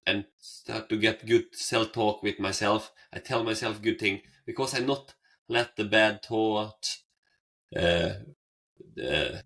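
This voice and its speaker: A low-pitched man co-hosting a podcast in a relaxed, casual chat. He gives earnest, motivational advice in non-native English, and his phrasing is a little unusual but sincere. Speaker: podcast co-host.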